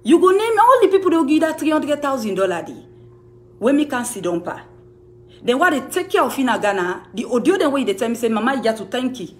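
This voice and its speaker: Woman, Sierra Leonean Krio accent, raised pitch, angry rebuttal, repeats herself, accusing. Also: sing-song, fairly quick. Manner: accusing, repetitive, emphatic. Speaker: music manager. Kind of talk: heated rebuttal to camera.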